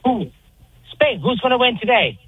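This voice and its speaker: A man's voice: very high voice, very animated, normal speed, breathy edge, heavily acted. A man voicing a combative, insulting male leprechaun who calls in to a radio show and bickers over the line. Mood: taunting. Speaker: caller character. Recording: phone line with faint noise.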